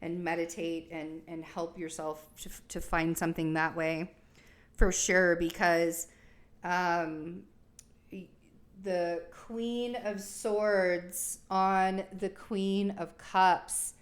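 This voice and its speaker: A woman's voice: lowish voice, fairly even intonation, takes it slowly. Rambling woman giving a tarot reading. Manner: rambling, reassuring, thinks aloud with many fillers. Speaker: tarot reader. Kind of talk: casual tarot reading monologue.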